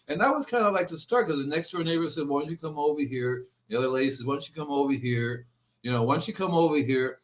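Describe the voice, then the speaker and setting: A man's voice: on the high side, fast. An older man, a podcast guest and organic gardener, telling rambling stories in a casual way and acting out quoted people. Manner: animated, rambling, acts out quotes with raised voice. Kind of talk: casual storytelling.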